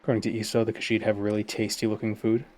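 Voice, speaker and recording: A man's voice: fairly low pitch, monotone, rapid-fire, darkish tone. A man streaming a game, musing aloud in a rambling way full of fillers and restarts. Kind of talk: casual gameplay commentary.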